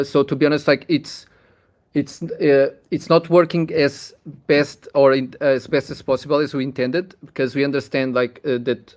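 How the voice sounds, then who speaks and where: Community manager, mid-pitched man, halting and wordy, voice chat mic. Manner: hesitant, many restarts while explaining at length. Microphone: computer mic over online voice chat.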